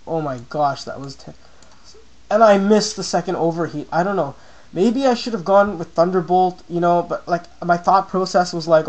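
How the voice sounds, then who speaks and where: In a low-quality recording, a young man loosely narrates a game battle he played. His voice runs a bit high for a man, and it keeps jumping into excited, squeaky asides whenever he quotes how he reacted.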